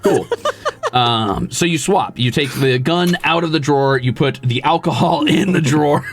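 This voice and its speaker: A man's voice: on the high side, normal speed, background noise. A man narrating as the game master of a tabletop role-playing game, in a casual way with frequent laughs. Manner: casual, laughs often, uses lots of fillers.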